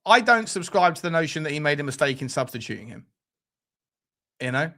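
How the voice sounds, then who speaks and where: A man's voice: a little high, very animated, a little fast, sharp tone. A man hosting a live fan stream, who talks bluntly with crude jokes and reads out the chat. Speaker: fan show presenter.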